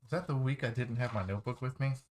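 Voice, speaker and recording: A man's voice: mid-range voice, rapid-fire, darkish tone. A man running a tabletop game as game master, laughing often and thinking aloud as he checks his notes.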